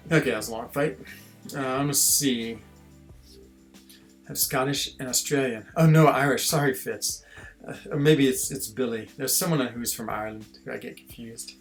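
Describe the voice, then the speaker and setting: Man from switzerland, gravelly voice, casual game-stream chatter, faint music behind. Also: medium pitch. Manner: chatty, self-deprecating, reads chat aloud. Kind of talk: casual gameplay stream chat.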